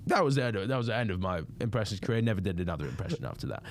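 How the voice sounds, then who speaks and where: A man doing an impression of a dry, self-mocking male stand-up comedian, pitched high with a wry, deadpan delivery. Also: very fast.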